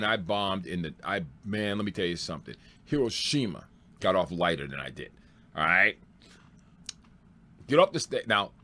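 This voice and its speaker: A man, a stand-up comedian, telling road stories in a loose, excitable way, laughing and swearing as he goes. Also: on the low side. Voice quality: excitable, swears freely, laughs through punchlines. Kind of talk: animated storytelling.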